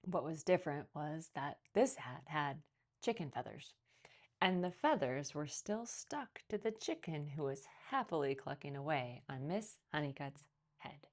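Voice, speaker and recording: A woman reading a picture book aloud as a children's librarian, telling the story expressively. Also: unhurried. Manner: expressive storytelling, lively pitch.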